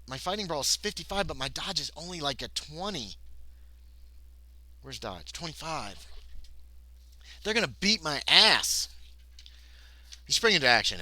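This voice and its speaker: Lively, excitable man streaming solo game. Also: medium pitch, dry recording. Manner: rambling, self-interrupting, excitable chatter with the chat. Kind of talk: livestreamed solo tabletop game play.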